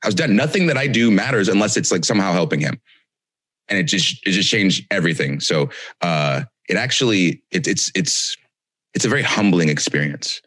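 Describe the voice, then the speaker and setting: This podcast co-host speaks low but with lively intonation, moving fairly quickly in a bright-edged voice. His casual, reflective chatter wanders and keeps restarting, and there's no room sound at all.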